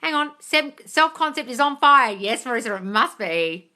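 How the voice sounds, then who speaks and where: A woman hosts a live Q&A and answers her viewers' comments in a blunt, scolding, exasperated way, with a lot of swearing. Her voice is bright and sharp, and it swings widely in pitch, rising and falling as she pushes her point. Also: expressive, normal speed. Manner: reads viewer comments aloud. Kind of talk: casual live-stream Q&A.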